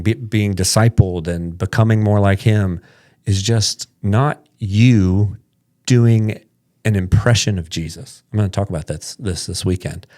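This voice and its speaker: A man with a fairly low voice tells stories on a relaxed church podcast. He acts out what people said to him and laughs between lines, keeping the chat loose and friendly. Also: no room sound, clean studio sound. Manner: animated storytelling, acts out quoted voices, laughs often. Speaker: podcast co-host, pastor. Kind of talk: casual chat.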